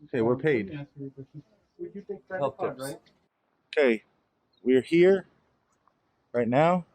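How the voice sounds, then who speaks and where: Male travel vlogger, slow easy pace, narrating his walk into a handheld camera. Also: mid-range voice, animated, darkish tone. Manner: chatty, narrating what he sees as he walks. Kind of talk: casual vlog commentary while walking.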